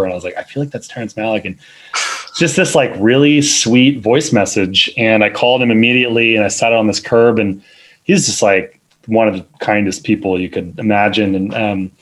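A man's voice: fairly low pitch, low-quality recording. A man, a film editor, talking casually in an interview, rambling with many fillers and restarts. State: parent of two little kids.

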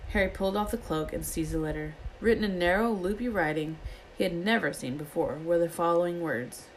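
Low-pitched woman reading a story aloud with lively character voices. Faint background noise. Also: fairly quick, rough recording. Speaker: reader.

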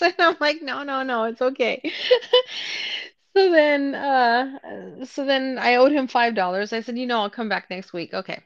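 A woman co-hosting a podcast, telling an animated story in casual chat, acting out what others said and laughing often. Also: on the high side, unhurried, no echo, dull audio. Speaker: podcast co-host.

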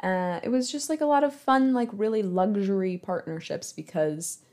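A woman's voice: mid-range voice, normal speed, a little mellow. A young woman from Michigan in her twenties, chatting casually in a rambling way about her work in theater, full of fillers and self-mocking laughs. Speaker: theater marketing worker. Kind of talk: casual storytelling monologue.

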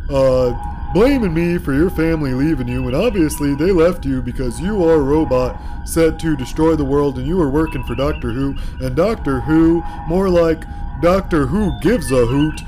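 A man's voice: on the high side, moderate pace, music in the background. A man hosting a comedy podcast, rambling through tangents and stumbling over repeated words. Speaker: podcast host.

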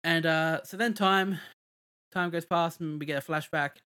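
Casual male podcaster, somewhat high-pitched, loose rambling delivery with fillers. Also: fairly even intonation, moderate pace, sharp tone, clear, resonant tone. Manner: rambling, many fillers and restarts. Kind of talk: casual movie review chat.

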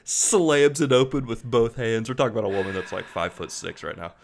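A man co-hosting a casual podcast, telling a story in a relaxed way and laughing as he goes. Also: mid-range voice, a little fast. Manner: laid-back, laughs while telling stories. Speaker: podcast co-host.

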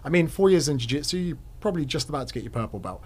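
A man hosting a podcast in casual chat, joking and talking quickly. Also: on the high side, lively intonation, darkish tone. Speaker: podcast host.

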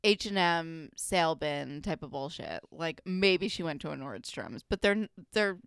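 A woman's voice: sits low, expressive, unhurried, creaky, fairly bright tone, smooth, no room sound, studio quality. Exasperated woman ranting on a podcast. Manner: exasperated ranting, lots of fillers. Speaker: podcast co-host. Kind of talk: casual recap chat.

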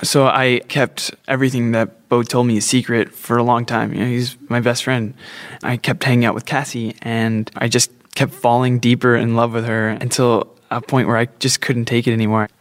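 A man's voice: medium pitch, little pitch movement, moderate pace, few pauses, dry recording. A man telling a personal story, candid and self-deprecating, chuckling now and then.

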